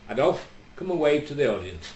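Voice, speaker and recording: English guy doing a rambling deadpan joke on stage, echoey room, bit of background hum. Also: mid-range voice, fairly quick. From England. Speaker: stand-up comedian. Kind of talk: live stand-up storytelling. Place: small venue with audience. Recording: echoey room, faint ambience.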